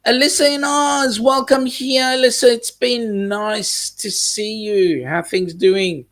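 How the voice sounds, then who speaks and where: A man's voice: very high voice, fairly even intonation, takes it slowly, fairly bright tone. An Australian man hosting a casual live stream, chatting and reading out viewer comments with plenty of ums. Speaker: host reading live chat.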